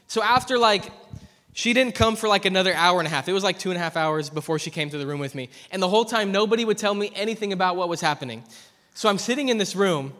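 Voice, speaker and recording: A young man preaching a sermon at church, telling a personal story earnestly and dropping from loud to hushed. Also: sits high. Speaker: pastor. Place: church hall. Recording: long hall reverb.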